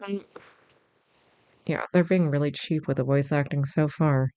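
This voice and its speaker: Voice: medium pitch, a little slow, warm tone, clear, resonant tone. A gameplay commentator chatting casually and thinking aloud in a self-deprecating way while playing a role-playing game. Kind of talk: casual let's-play commentary.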